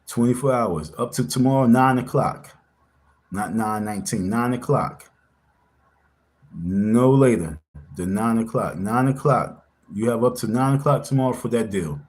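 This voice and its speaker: A man's voice: medium pitch, moderate pace, darkish tone. A man hosting a casual livestream, talking in an insistent, confrontational way and repeating himself for emphasis. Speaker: livestream host.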